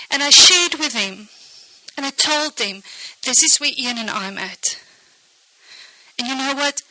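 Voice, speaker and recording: A woman leading a children's church training, lively and animated, often asking "okay?" and dropping into soft whispers. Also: high-pitched, unhurried, no room sound, low-quality recording. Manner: animated, shifts between bright exclamations and hushed whispers; frequent "okay?" check-ins. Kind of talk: teaching volunteers, modelling a kids' talk.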